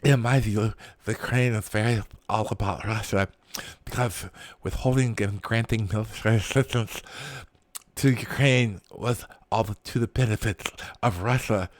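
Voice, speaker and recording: A man's voice: fairly low pitch, fairly even intonation, normal speed, no room sound, voice pushed down, natural voice. A man doing a mocking older woman politician. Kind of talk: mocking impression in a talk show.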